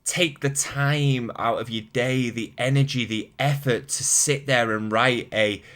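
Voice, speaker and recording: A man's voice: medium pitch, fairly even intonation, measured pace, a bit bright. A man with a mild Mancunian accent, a fitness YouTuber ranting candidly to camera, exasperated and swearing casually, laughing at himself. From Manchester, England.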